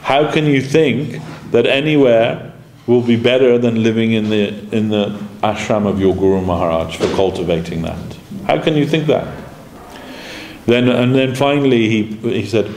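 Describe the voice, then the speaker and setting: In a temple lecture room, a spiritual teacher leads an informal devotional class, telling anecdotes, performing the quoted dialogue, and chuckling along. His medium-pitched voice is lively in intonation, slightly mellow, and moderately paced. The room echoes, with faint background noise.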